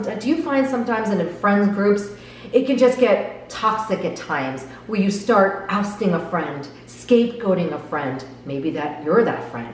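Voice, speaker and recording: A woman's voice: medium pitch, recorded from a distance, slight background noise. A woman giving earnest, reflective commentary on a drama episode, often asking her viewers direct questions. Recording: echoey room, voice off-mic, faint background.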